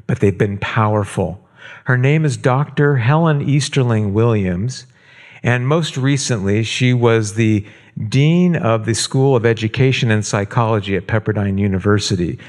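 A fairly low-pitched middle-aged man, a pastor, tells a sermon story. His pace is slow and emphatic, with repeated phrases driving his points home.

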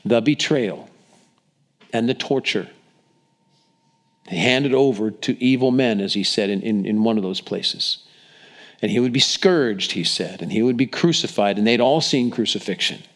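A man's voice: on the low side, normal speed. A middle-aged man preaching a sermon in an earnest, conversational way, asking the congregation questions. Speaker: pastor.

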